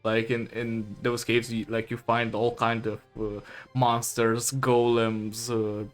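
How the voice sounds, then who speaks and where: Male podcast host, slow, smooth voice, relaxed, laughs often, faint music behind. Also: mid-range voice. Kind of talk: casual podcast chat. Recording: slightly dull stream audio with faint music.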